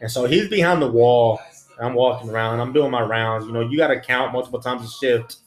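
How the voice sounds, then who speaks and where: A man's voice: mid-range voice, a little fast. Man, ex-prison officer, casual swearing storyteller, echoey room, faint music underneath. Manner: blunt, profane, street slang. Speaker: podcast guest, former prison officer. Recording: roomy echo, faint music.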